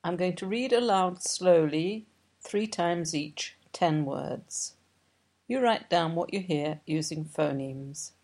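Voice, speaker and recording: A woman teacher reading a dictation exercise aloud, each word said slowly and carefully. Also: lowish voice, darkish tone. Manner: deliberate, carefully articulated. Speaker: phonetics teacher.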